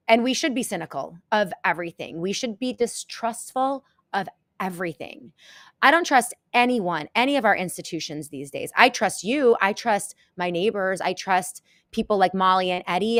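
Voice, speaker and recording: A woman hosting a live show, talking to her viewers in a halting, emotional way and close to tears. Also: medium pitch, fairly bright tone, no echo. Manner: halting and emotional, many pauses and restarts. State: tearful, close to crying. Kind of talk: casual live-stream talk to viewers.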